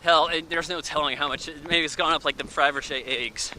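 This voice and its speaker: Bright, rambling male film reviewer. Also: a little high, fairly even intonation, brisk, slight background noise, low-quality recording. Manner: rambling, loose and offhand. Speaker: movie reviewer. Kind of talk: casual spoken film review.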